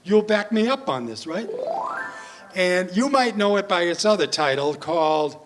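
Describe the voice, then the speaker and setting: A man's voice: sits high, animated, moderate pace. A male entertainer joking and chatting with a senior audience between sing-along songs at a live show. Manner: jokey, playful, chats with the audience. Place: performance room at a senior residence. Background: backing music.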